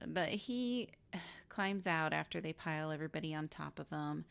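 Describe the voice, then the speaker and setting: A woman's voice: low voice, animated, moderate pace, creaky, clear, resonant tone. A woman co-hosting a film podcast, recapping the plot in blunt casual chat, swearing freely and laughing often. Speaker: podcast co-host. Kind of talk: casual movie review chat.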